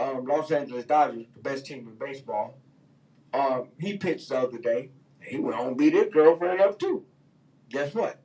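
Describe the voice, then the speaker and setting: A man's voice: mid-range voice, darkish tone, distant mic, poor audio. A man hosting a radio talk show, ranting in loose, heated slang with lots of fillers. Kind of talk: casual opinion talk.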